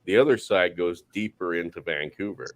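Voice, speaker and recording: A man's voice: low voice, moderate pace, a little hiss or hum. A Canadian man in casual crude banter, rambling and swearing freely as he tells stories. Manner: rambling, swears freely, laughs mid-sentence.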